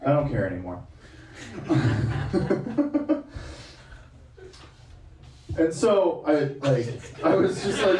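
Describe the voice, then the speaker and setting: A man's voice: wildly swooping pitch, very slow, pauses often, roomy sound, far from the mic, a crowd in the background, poor audio. A man doing a stand-up comedy set, brash and crude in his delivery. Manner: brash, crude, loud swings in pitch.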